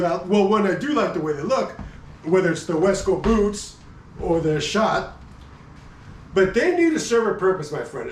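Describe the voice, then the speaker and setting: A middle-aged man chats through a casual gear review in a rambling, friendly way, often stopping to correct himself. His voice sits fairly high. The sound is roomy and comes from a distance, as if the camera is set back from him. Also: a little hiss or hum. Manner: rambling, chatty, self-correcting, laughs often. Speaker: motorcycle and gear vlogger. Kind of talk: casual product review chat.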